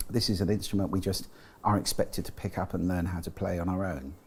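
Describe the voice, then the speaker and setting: A British sound and speech expert, appearing as an interview guest, speaks in a low, husky, darkish voice at a brisk pace with fairly even intonation. He explains things carefully and thoughtfully, restarting often and leaning on fillers like "you know."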